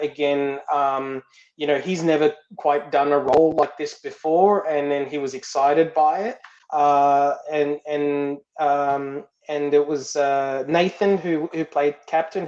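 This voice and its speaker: A man's voice: a little high, flat delivery, unhurried, darkish tone. A man, a film director and guest, telling stories in a casual interview, often repeating words as he searches for them. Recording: roomy, dull lo-fi sound.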